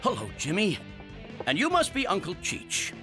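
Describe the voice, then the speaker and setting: A man's voice: high voice, huge pitch swings, moderate pace. An actor voicing a smug, boastful male inventor in an adult cartoon. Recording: cartoon dialogue over music.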